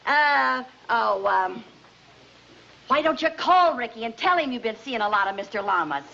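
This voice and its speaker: An actress playing a good-natured best friend who talks in a chummy, reassuring way, in 1950s sitcom style. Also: female voice, fairly high pitch, lively intonation, normal speed, creaky, bright, forceful tone, full character voice. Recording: muffled old TV soundtrack, hiss.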